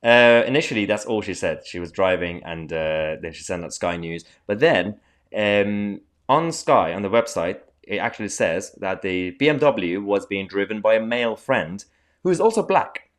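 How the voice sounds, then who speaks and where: A man with a fairly low voice hosts an online commentary show. He talks loosely and chattily to his viewers, full of ums and asides, with a sarcastic, mocking edge. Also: animated, moderate pace. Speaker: political commentary host. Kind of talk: casual commentary to camera.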